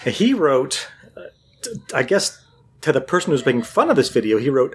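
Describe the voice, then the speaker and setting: A man's voice: mid-range voice, normal speed, a little hiss or hum. A man in casual chat, telling a long story and acting out what other people said. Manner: animated storyteller, acts out quotes.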